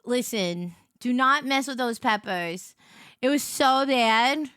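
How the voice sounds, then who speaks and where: A woman's voice: a little high, expressive, slow, fairly bright tone, clear, resonant tone, dry recording, clean studio sound. A young woman streamer chatting casually on a livestream, telling stories animatedly and greeting viewers by name.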